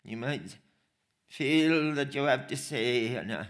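A man preaching a sermon, slow and emphatic, repeating phrases for weight. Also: medium pitch, expressive, fairly bright tone.

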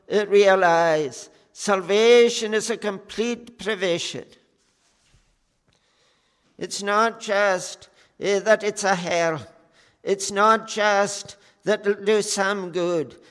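A man preaching a sermon with slow, earnest delivery, pausing often on "eh" and appealing with fervent "oh"s. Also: high voice, steady tone, fairly bright tone, smooth. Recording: long hall reverb.

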